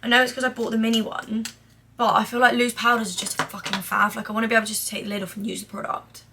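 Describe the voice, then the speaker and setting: Young girl doing her makeup and nattering, kinda highish voice w/ lots of vocal fry, says like constantly. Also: level tone, fast talker, noisy background. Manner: chatty and rambling, lots of "like", casual swearing; drops to a mutter while applying makeup. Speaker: beauty vlogger. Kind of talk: casual get-ready-with-me chat.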